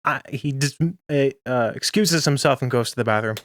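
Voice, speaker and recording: A man's voice: medium pitch, normal speed, fairly bright tone. A young man co-hosting a podcast, chatting casually and laughing often as he recaps an anime episode. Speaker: podcast co-host.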